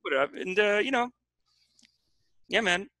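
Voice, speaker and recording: A young man from Canada co-hosting a comedic podcast chat, animated and joking. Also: high voice, moderate pace, vocal fry, no echo. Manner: animated, joking, doing voices. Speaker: podcast co-host.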